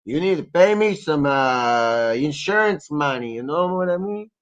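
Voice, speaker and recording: A man's voice: a little high, animated, unhurried. A man voicing a menacing male mafia extortionist with a put-on Mexican accent, swaggering and threatening.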